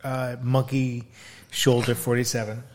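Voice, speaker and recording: A man with a mid-range voice chats playfully on a podcast. He rambles through asides and keeps filling in with quick agreement. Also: medium pitch, level tone. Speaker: podcast guest. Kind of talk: casual podcast chat.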